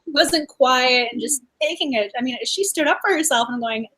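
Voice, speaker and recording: A woman co-hosting a casual book discussion, animated and acting out lines from the story. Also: sits high. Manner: fast, animated, acts out quotes. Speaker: book review co-host.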